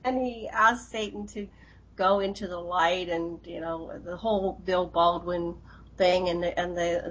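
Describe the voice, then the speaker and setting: A woman co-hosting a radio interview, telling stories in a lively, chatty way with frequent restarts. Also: lowish voice, slightly rough. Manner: animated storytelling with laughs and restarts. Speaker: radio co-host. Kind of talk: casual interview chat. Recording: dull lo-fi radio audio.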